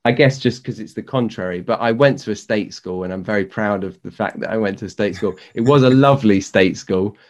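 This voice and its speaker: Host: low-voiced Southern English man, relaxed conversational chat. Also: fairly quick, few pauses. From Southern England. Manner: relaxed, easygoing, fillers and restarts. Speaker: podcast host. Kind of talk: casual conversation.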